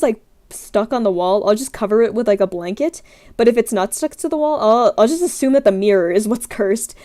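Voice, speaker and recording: A woman's voice: on the high side, dark tone. A young woman streamer chatting casually, rambling and giggling as she reacts to scenarios. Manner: rambling, giggly, frequent "like" and "frick".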